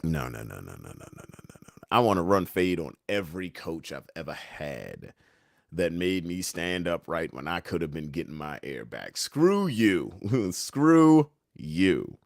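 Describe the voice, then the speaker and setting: A man's voice: low voice, sing-song, unhurried, creaky, no echo, clean studio sound. A young man hosting a casual livestream, reading the chat and memes aloud, joking and laughing often in a laid-back way. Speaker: livestream host.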